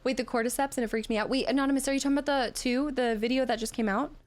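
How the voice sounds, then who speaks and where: A woman's voice: sits high, racing. Chatty woman streaming a game. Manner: chatty, reads and answers chat, animated. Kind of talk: casual live-stream chat while gaming.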